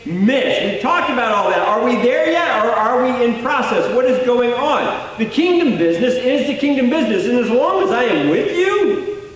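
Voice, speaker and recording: A man's voice: very high-pitched, sing-song, moderate pace. A man preaching a sermon in a conversational, explaining way, often rephrasing and repeating himself. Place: church sanctuary. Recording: echoey hall, voice from a distance.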